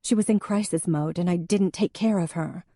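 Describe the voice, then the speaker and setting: Woman narrator doing the young deputy: earnest, emotional, warm low tone, close and dry. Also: moderate pace, no room sound. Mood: troubled. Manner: earnest, emotional, a little raised. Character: earnest, self-doubting young female deputy.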